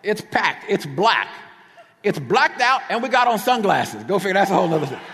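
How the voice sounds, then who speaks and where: A middle-aged male preacher from New Jersey delivers a sermon in a fairly high voice. He tells stories with animated energy and slips into casual, chatty asides. His voice rings out in a church hall with a long reverb tail. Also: normal speed, a little hiss or hum.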